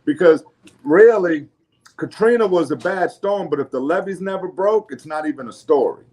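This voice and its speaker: A man's voice: fairly high pitch, moderate pace, a little mellow. A man with a New Orleans accent hosting a casual podcast, talking loosely, laughing and swearing freely with frequent restarts. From New Orleans area. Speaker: podcast host.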